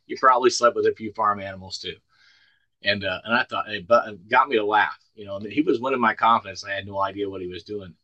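A man in his sixties from the Ozarks, sharing his story at a recovery meeting over a video call. His voice sits a bit low and sounds bright and forceful. The sound is dry and close, and he spins his tale in a folksy, plainspoken way with dry humor. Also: fast, dry recording, muffled recording. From Ozark Mountains, United States. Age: 60s. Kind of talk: personal testimony at a recovery meeting.

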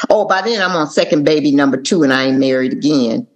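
A woman from Atlanta, sharing her recovery story at a meeting with animated, sassy asides. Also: sits low, fast, hardly any pauses. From Atlanta, Georgia. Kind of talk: personal testimony talk.

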